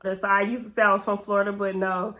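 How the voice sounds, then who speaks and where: A woman's voice: mid-range voice, flat delivery, quick pace, a bit bright. A young woman from Georgia with a Southern accent, chatting through a get-to-know-me Q&A in a rambling, easygoing way. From Georgia, USA. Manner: chatty and rambling, drifts off on tangents. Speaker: YouTuber. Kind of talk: casual Q&A vlog.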